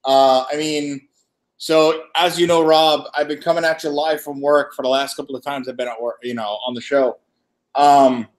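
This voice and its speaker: Brief: male co-host, slightly high voice, animated storyteller who acts out the dialogue in a casual chat. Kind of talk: casual chat on a live stream. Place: wine shop after hours, dim lighting.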